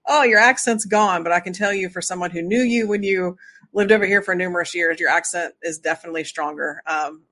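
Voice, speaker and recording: A woman's voice: on the low side, fairly even intonation, fast, fairly bright tone. A woman hosting an interview podcast, chatting with a returning guest and laughing often. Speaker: podcast host. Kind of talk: casual interview chat.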